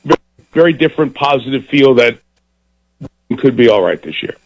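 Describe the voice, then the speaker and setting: A middle-aged man, a football broadcaster, chatting as a guest in a radio interview, lively and given to repeating words as he starts a thought. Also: mid-range voice, brisk, rough recording.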